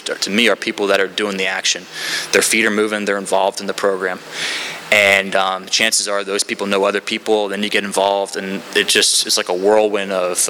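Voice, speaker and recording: A man's voice: fairly low pitch, pushed and bright, slight background noise. A man speaking at a recovery meeting, sharing his story in a candid, rambling way with many fillers. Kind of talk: candid personal share.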